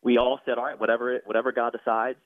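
A man's voice: mid-range voice, level tone, fast, dry recording. A man, a former athlete turned pastor, giving an earnest, preacherly personal testimony as a guest, stumbling over repeated words when moved. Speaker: guest, former professional soccer player and pastor. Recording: tinny phone-line sound.

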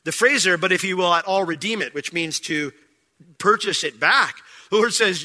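A man's voice: high-pitched, moderate pace, pushed and bright. A man preaching a verse-by-verse sermon as pastor, talking in a conversational way and acting out little scenes with different voices. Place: church sanctuary. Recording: long hall reverb.

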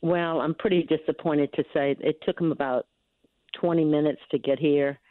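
A woman's voice: deep voice, steady tone, moderate pace, no room sound. Older woman rambling over a tinny phone line. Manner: rambling, restarts often, lots of "you know". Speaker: caller, neighborhood security district official. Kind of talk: telling a story on a radio call-in. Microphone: telephone.

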